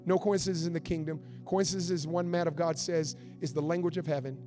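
A man preaching a fervent sermon in a church, swinging between loud build-ups and hushed passages. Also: on the high side, steady tone, fairly quick, music in the background. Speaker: pastor.

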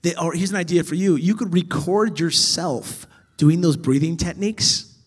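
High, husky-voiced animated male teacher. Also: normal speed. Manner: animated, swings from loud emphasis to soft whisper. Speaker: children's ministry trainer. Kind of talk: teaching talk to church workers.

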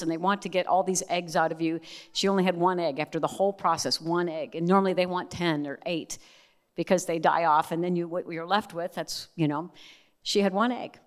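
Woman preaching in a reverberant hall. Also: on the low side. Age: middle-aged. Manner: earnest, emotional storytelling with rising emphasis. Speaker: speaker at a church service. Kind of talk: sermon.

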